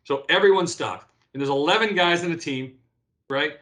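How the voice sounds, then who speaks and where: A man's voice: a little high, normal speed. A man in his fifties, a guest in a casual interview, telling stories with lots of restarts and "right?" tags. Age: 50s. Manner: animated storyteller, frequent restarts and "right?" tags. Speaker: guest, former pro beach volleyball player.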